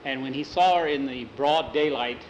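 A man telling a homespun story aloud in a relaxed, plain-spoken way. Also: medium pitch, moderate pace, lo-fi sound. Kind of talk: folksy oral storytelling. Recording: echoey room, faint traffic.

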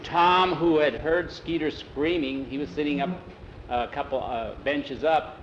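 A man telling a story aloud with animated, rambling delivery and a lot of "he said". His voice sits somewhat high, with faint background noise. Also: a little slow, roomy sound, muffled recording. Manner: animated, digressive, repeats "he said". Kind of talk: oral storytelling.

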